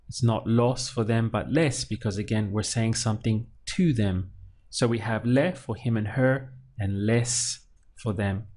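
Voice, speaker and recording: A man teaching a Spanish lesson. He asks the listener a question, pauses, then gives the answer. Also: mid-range voice, a little mellow. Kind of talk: slow, patient language lesson with drills.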